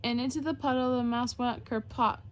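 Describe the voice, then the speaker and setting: A woman reading a children's rhyming picture book aloud, expressive and rhythmic. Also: on the high side, moderate pace, slight background noise. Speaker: storybook reader, show host.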